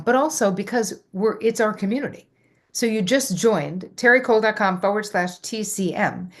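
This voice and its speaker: A middle-aged woman hosting a live workshop, reading out viewer comments and answering them with effusive enthusiasm. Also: medium pitch. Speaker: host.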